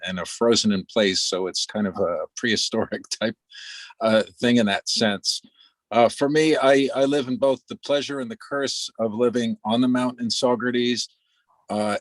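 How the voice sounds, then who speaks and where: A man photographer describing his work in a relaxed, reflective way over a video call. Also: on the low side, no echo. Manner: relaxed, reflective, with little laughs. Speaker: photographer in the exhibition. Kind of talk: casual video-call discussion.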